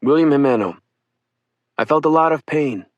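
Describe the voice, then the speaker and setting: A man giving a steady first-person reading of a witness account for an audiobook. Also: on the high side, normal speed, no echo, muffled recording. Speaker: audiobook reader.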